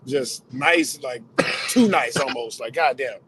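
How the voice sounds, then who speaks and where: A man's voice: medium pitch, measured pace, a bit bright, slight background noise. Rambling, profane man from Los Angeles. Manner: rambling, profane, heavy on fillers like "like". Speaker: podcast host. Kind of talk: casual chat.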